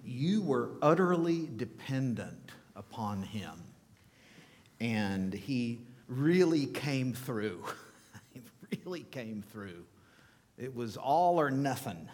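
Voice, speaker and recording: A male pastor giving a conversational sermon, chuckling softly now and then as he talks to the congregation. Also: fairly low pitch, big-room sound. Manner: conversational preaching with soft chuckles.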